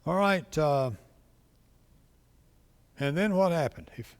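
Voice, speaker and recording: A man's voice: fairly high pitch, slow, clear, resonant tone. A man teaching a casual Bible class, chatting and quizzing the class as he goes. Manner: conversational, asks the class questions, acts out quotes. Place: church classroom. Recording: long hall reverb.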